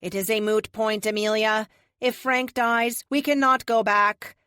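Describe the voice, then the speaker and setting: A woman voicing a calm artificial intelligence built into power armor, speaking formally and evenly. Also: fairly high pitch, measured pace, smooth, no echo, clean studio sound, voice pushed up. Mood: measured.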